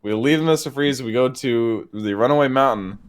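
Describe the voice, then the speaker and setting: Hoarse young man telling a story. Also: medium pitch, moderate pace. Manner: storytelling, laid-back, says "like" a lot. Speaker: podcast co-host. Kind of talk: casual podcast chat.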